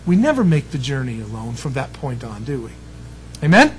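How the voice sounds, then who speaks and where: A man's voice: medium pitch, sing-song, fairly quick, a little hiss or hum, low-quality recording. A male pastor preaching a sermon in a conversational way, often checking in with "you see" and "amen" before closing in prayer.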